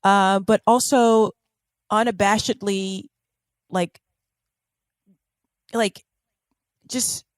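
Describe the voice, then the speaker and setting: A woman's voice: medium pitch, fairly even intonation, very slow, long pauses, dry recording, clean studio sound. A woman co-hosting a podcast in casual chat, gushing and often searching for her words. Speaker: podcast co-host.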